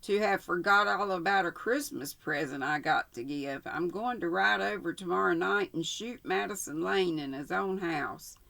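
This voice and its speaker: A woman reading aloud as a soft-spoken, cold-blooded young outlaw man with a mild drawl. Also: on the low side, normal speed, gravelly, few pauses. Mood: grim.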